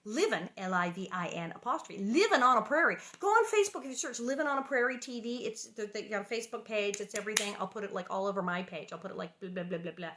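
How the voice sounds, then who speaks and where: Hosting a read-aloud of a children's book, a woman chats casually and rambles between chapters, laughing and joking often. Her mid-pitched voice is animated, pushed, and bright, and she talks fast with few pauses.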